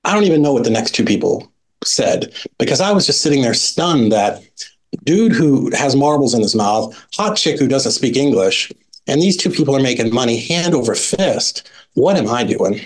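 A middle-aged man recounting a personal story as a podcast guest. He talks casually and animatedly, leaning on "like" and "right?" as he goes. His voice sits at an ordinary middle pitch. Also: moderate pace. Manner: lively anecdotal telling with frequent "like" and "right?".

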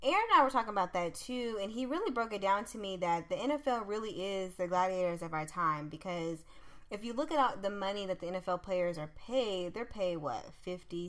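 A woman's voice: mid-range voice, animated, normal speed, a bit bright. Chatty woman swearing freely. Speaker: podcast co-host. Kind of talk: casual chat.

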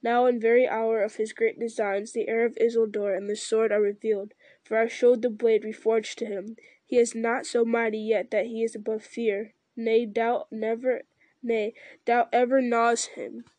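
A woman voicing a noble, weary male ranger-king in a solemn, measured reading with small slips. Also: on the high side, flat delivery, mellow, no echo, natural voice.

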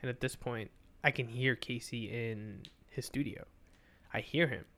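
A man's voice: medium pitch, unhurried, pushed and bright. A young man, a podcast guest, telling a story in casual chat, swearing often and acting out dialogue.

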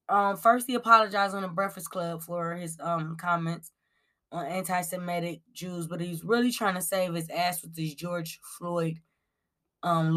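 A woman with a fairly low, fairly bright voice hosts a casual celebrity gossip commentary, speaking bluntly and reading from her notes with lots of ums. She swears freely and calls her viewers y'all.

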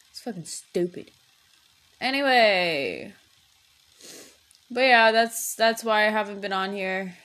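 A woman's voice: mid-range voice, fairly bright tone. A young woman hosting her own podcast, rambling casually with lots of fillers, restarts and swearing. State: headache, distracted while playing a game. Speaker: podcast host. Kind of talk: casual chat.

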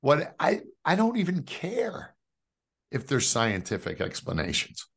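A man, telling a personal faith story as a guest, jumping from loud outbursts to hushed asides. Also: medium pitch, very animated, normal speed. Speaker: guest giving a faith testimony. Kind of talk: animated storytelling.

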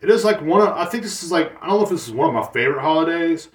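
A man's voice: a little high, animated, rapid-fire. A man hosting a podcast, talking in a rambling, boastful and crude way with many fillers and restarts. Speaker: podcast host. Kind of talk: casual monologue podcast. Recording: roomy, distant mic.

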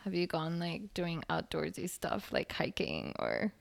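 Lively low-voiced woman, full of questions. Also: a little slow, creaky. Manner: inquisitive, sarcastic. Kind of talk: casual chat.

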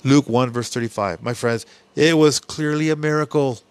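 A man preaching a Bible study sermon for a podcast, earnest and repetitive, often trailing off softly on "my friends.". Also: medium pitch, normal speed, no room sound. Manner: earnest preaching, repeats "my friends", drops soft on tag phrases.

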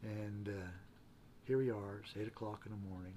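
A man's voice: lowish voice, steady tone, moderate pace, background noise. A man telling a long personal story in casual conversation, in a plainspoken, earnest way that often stops to repeat and restart his words. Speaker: interview guest.

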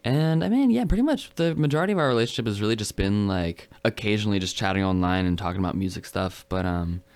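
A man's voice: on the low side, expressive, quick pace, a little mellow. A man from the United States, a touring musician, talking modestly and hesitantly with many fillers in a casual chat.

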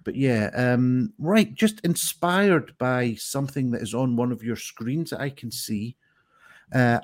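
A man's voice: mid-range voice, darkish tone. A man hosting a live-streamed pun contest in a chatty, rambling way, with lots of ums, over a video call. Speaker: game show host.

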